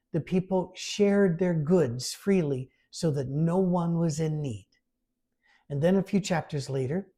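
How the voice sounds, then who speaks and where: A man preaching a conversational sermon, informal and lively, reading scripture aloud with emphasis. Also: a little high, husky. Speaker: pastor.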